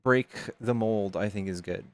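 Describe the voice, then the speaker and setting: A man's voice: lowish voice, normal speed, clear, resonant tone, dry recording. Joking male streamer talking to chat. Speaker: live-stream host. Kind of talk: casual livestream chat and debate.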